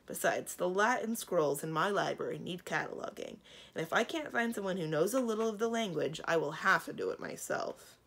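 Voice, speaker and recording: A composed female dragon gives orders in a measured, matter-of-fact way, voiced by a woman reading a storybook. The voice sits low and sounds husky. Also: animated, fairly bright tone, heavily acted. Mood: calm. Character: calm, commanding female dragon, dry humor.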